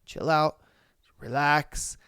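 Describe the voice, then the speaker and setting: A man's voice: on the high side, steady tone, drawn-out words, pushed and bright, clear, resonant tone, no room sound, studio quality, heavily acted. A man voicing a panicked young man who pleads with a friend and repeats himself. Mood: pleading.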